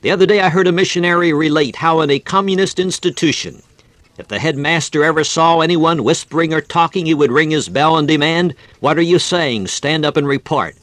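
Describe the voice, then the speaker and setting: Preaching with fervor in an old-fashioned cadence, a man talks a little fast in a slightly high voice with a fairly bright tone. The recording is dry and close, with no room echo.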